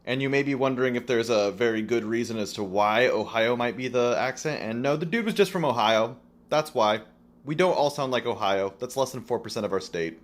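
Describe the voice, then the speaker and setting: A man's voice: mid-range voice, fairly quick. Sarcastic American man ranting. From United States. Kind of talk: casual rant to camera.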